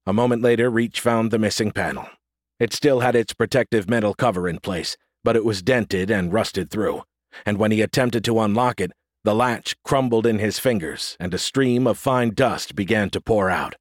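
A man reading science fiction narration in an audiobook, with an even, clear storytelling delivery. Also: fairly low pitch, moderate pace, no room sound, clean studio sound. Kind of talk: scripted narration.

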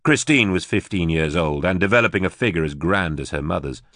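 A man reading an audiobook in a measured, even storytelling manner. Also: low voice, no echo, studio quality. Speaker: audiobook narrator. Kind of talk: scripted narration.

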